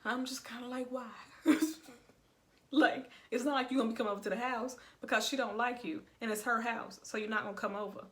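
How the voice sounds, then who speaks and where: A woman's voice: on the high side, fairly even intonation, fairly quick, a bit bright. Young woman, sassy, colloquial recap host with a casual chatty delivery. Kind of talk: casual video review.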